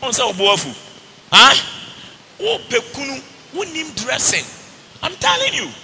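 A man with a Ghanaian accent preaching a fervent sermon in Twi and English, shouting declarations between playful asides. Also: very high-pitched, wildly swooping pitch, a little slow, creaky, long reverb tail, slight background noise.

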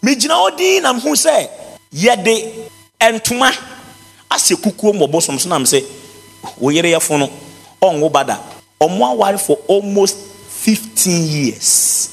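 A Ghanaian man preaches with fervor, his husky voice sitting high and leaping wildly in pitch as he shouts and half-sings his points. The sermon rings through a hall with a long echo tail while faint music plays underneath. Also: lively intonation, unhurried, long pauses. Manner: impassioned preaching, breaking into shouts and sing-song. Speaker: pastor.

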